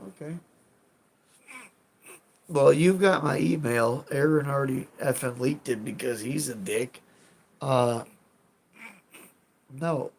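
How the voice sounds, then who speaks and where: Slow, gravelly-voiced man chatting on stream. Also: mid-range voice, slight background noise. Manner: rambling, swears, self-deprecating. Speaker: streamer answering live chat. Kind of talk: casual livestream chat.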